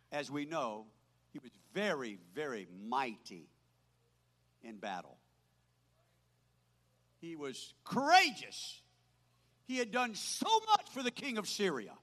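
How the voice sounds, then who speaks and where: An older man preaching a sermon as pastor, swinging from loud proclaiming to quiet asides. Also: fairly high pitch. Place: church. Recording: hall reverb.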